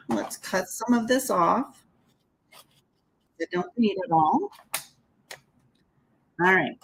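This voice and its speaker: Chatty woman host demoing cards, easy slow pace, lively sing-song delivery. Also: mid-range voice, creaky, slight background noise, low-quality recording. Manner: chatty, talks while working, laughs at own slips. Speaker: card-making demonstrator. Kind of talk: casual crafting tutorial.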